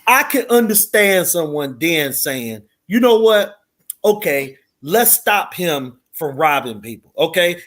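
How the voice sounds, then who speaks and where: Earnest middle-aged man, slightly higher voice. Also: fairly bright tone. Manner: earnest, repeats himself, sprinkles "man" and "you know". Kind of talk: casual talk show discussion.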